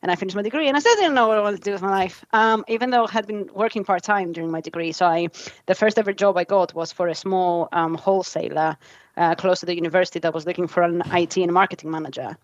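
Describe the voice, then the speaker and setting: A woman's voice: fairly low pitch, quick pace, dry recording, muffled recording. A woman around forty from Greece with a Greek accent, a guest telling her story in casual chat with many ums.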